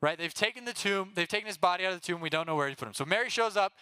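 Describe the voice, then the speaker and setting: A young man teaching a Bible lesson to students, casual and energetic, who keeps checking in with "right?". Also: sits high, racing, noisy background. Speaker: youth pastor.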